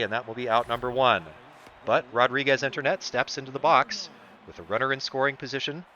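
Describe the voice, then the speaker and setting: Excitable man calling a video game ballgame. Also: medium pitch, highs cut off, a little hiss or hum. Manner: excitable, voice jumps up on big plays. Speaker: streamer doing play-by-play. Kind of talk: sports-style play-by-play commentary of a video game.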